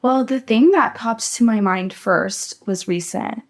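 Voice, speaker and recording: A woman's voice: on the high side, a little slow. A woman in her twenties being interviewed, talking in a chatty, emotional way about her college years. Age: 20s. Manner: chatty, emotional, soft-spoken at times. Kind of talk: casual chat.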